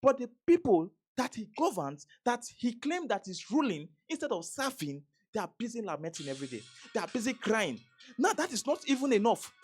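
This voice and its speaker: Nigerian woman vlogger, high husky voice, emphatic rant with faint music under it. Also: big pitch swings, normal speed, darkish tone. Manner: emphatic, repetitive, stammering restarts. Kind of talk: impassioned political commentary.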